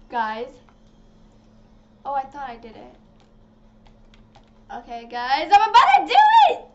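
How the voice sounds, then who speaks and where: A woman giving casual, excitable commentary while playing a video game, talking to her viewers. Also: high-pitched, takes it slowly. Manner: chatty and excitable, talks to viewers as "guys". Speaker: gaming channel host. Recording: slightly dull lo-fi audio with faint noise.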